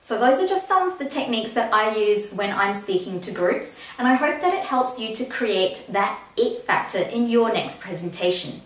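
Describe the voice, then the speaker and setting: Woman, presentation coach, encouraging, clear emphasis, echoey room, set back from mic. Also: medium pitch, sing-song, moderate pace, hardly any pauses, recorded from a distance. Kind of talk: instructional talk to camera.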